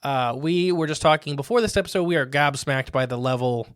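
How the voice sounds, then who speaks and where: A man co-hosting a podcast, with a smooth voice recorded close and dry. He rambles cheerfully through announcements. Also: a little high, brisk, no echo. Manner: rambling, upbeat show announcements. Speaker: podcast co-host. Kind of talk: casual podcast chat.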